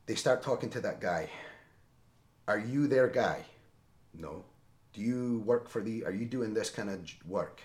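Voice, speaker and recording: Middle-aged ex-Marine guest, very low voice, animated storyteller, roomy echo. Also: male voice. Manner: animated, seeks agreement with frequent "right?". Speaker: podcast guest, former Marine. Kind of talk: conversational war storytelling.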